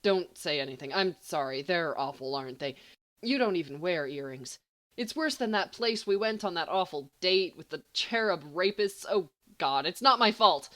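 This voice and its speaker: A woman's voice: lowish voice, animated, normal speed, a bit bright. A woman reading a flustered, boastful young man. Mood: despairing. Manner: flustered then giddy boasting. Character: young male student, bumbling and boastful. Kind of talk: amateur audiobook reading.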